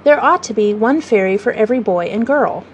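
A woman's voice: fairly high pitch, animated, brisk, highs cut off, slight background noise, close to an everyday voice. A woman reading aloud as a passionate, boastful boy who never wants to grow up. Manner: passionate, cocky, boyish.

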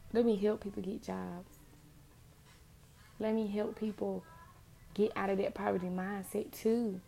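Gravelly woman giving earnest faith talk. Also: mid-range voice, dark tone. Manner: earnest, impassioned, repeats phrases for emphasis.

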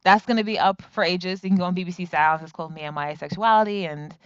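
A woman's voice: fairly low pitch, fast, clear, resonant tone, no echo. A woman chatting as a podcast guest, telling stories and acting out what others said. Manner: animated storytelling, acts out quoted voices. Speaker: guest, activist. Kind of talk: casual chat. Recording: dull, lo-fi sound.

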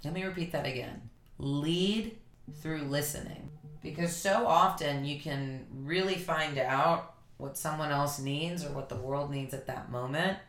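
A woman with a low voice tells a personal story as a motivational speaker, chatty and earnest, her talk full of likes and you knows. She is from Tennessee. The recording has a roomy echo. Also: moderate pace, a bit bright. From Tennessee, USA. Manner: chatty, earnest, filler-heavy. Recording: echoey room.

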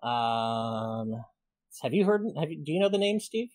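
A man's voice: mid-range voice, very animated, unhurried, a little mellow, no echo. A man hosting a casual gaming podcast, upbeat and thankful as he reads out supporter messages and names. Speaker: podcast host reading super chats.

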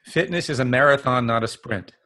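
A man's voice: mid-range voice, a little fast, bright, forceful tone. A man hosting an interview, asking questions in a friendly, light manner. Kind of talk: casual interview, quiz questions.

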